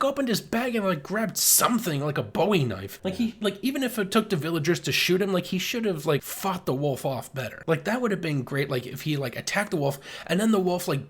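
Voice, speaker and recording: A man with a somewhat high voice talks loosely on a podcast, piling up "like" as he goes. He laughs often as he rambles through the conversation. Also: slightly rough. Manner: rambling, heavy use of "like", frequent laughter. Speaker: podcast co-host. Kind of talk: casual chat.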